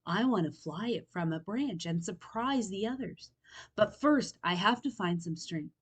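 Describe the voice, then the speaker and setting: A woman's voice: mid-range voice, animated, a little slow, breathy edge. A woman voicing a proud young bear in a children's storybook reading, speaking firmly and sternly. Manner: firm, stern when upset.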